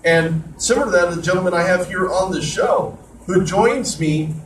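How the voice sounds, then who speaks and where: High-voiced rambling sports radio host. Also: male voice, normal speed, echoey room, distant mic, a little hiss or hum, poor audio. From Southern California. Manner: rambling, animated host patter.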